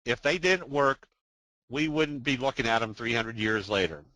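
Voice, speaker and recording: An older man talks through a trading webinar in a loose, folksy way, full of fillers and little jokes. His voice is bright and forceful, with a dry close sound. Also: mid-range voice, expressive, normal speed, no echo, rough recording. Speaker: trading presenter. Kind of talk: webinar presentation.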